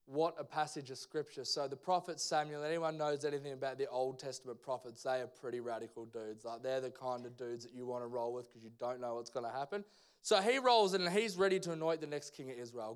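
A young Australian man preaching a sermon in a casual, slangy and animated way, telling a personal story before turning to scripture. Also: mid-range voice, smooth. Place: church service.

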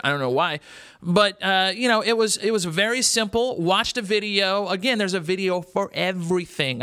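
A man hosts a radio show from a studio, chatting in a loose, rambling way. He jokes along and stops often with "uh" and "you know." His voice is bright, smooth, fairly high and dry, close on a studio microphone. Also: dry recording. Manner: rambling, joking, chatty with many fillers. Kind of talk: casual radio talk.

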